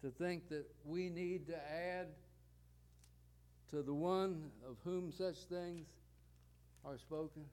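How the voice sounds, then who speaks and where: A man's voice: fairly high pitch, steady tone, slow, pauses often, darkish tone, smooth. A man preaching a sermon, building points with rhetorical questions and repeated parallel phrases.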